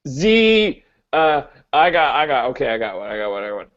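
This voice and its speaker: A man plays a flustered improv student who stammers and trails off, his pitch jumping around as he fumbles. The recording is dull and lo-fi. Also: big pitch swings, a little fast, fairly bright tone. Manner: hesitant, stammering, confused. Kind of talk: comedy sketch acting.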